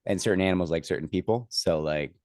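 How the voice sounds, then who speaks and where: Very low-voiced man in casual chat. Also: fast talker, a little mellow, no echo, clean studio sound. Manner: rambling, many fillers and restarts; acts out others' lines when telling a story.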